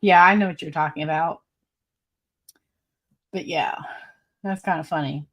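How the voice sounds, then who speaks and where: A woman's voice: sits low, a little slow. A woman hosting a casual live stream, reading viewer comments aloud in a chatty, rambling way and laughing often. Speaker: livestream host.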